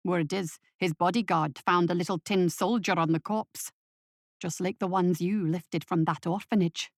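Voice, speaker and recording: A blunt, wary Scotsman speaks in a lowered voice with a Scottish accent, as a woman puts him on. He talks plainly and carefully in this audio story. The sound is close and dry. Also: steady tone, moderate pace, dry recording, natural voice. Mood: suspicious. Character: Scottish man, gruff suspicious partner.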